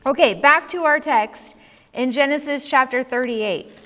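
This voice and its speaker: A high-pitched woman leads a chatty Bible study at an unhurried pace. She jokes and throws questions to her listeners, and her voice rings with a long hall echo. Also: sharp tone. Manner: chatty and playful, asks the class questions. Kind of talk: casual, humorous Bible lesson.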